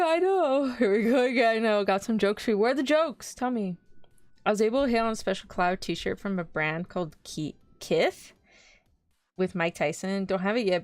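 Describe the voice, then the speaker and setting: A woman's voice: medium pitch, dry recording. A woman in her twenties streaming, chatting casually with viewers and telling stories in a bubbly way. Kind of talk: casual livestream chat.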